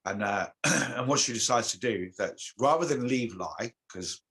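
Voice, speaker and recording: A man, a shamanic teacher, retelling an old myth as a guest in an animated, halting way. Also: mid-range voice, low-quality recording. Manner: animated storyteller, halting with restarts. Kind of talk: telling a myth in conversation.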